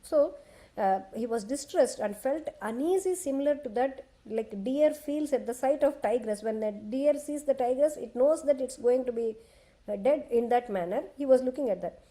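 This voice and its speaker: A woman retelling a sacred epic in a devotional discourse, talking conversationally and pausing to explain for children. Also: high voice, dark tone. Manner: conversational, explains to children, frequent restarts and "okay". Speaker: scripture storyteller.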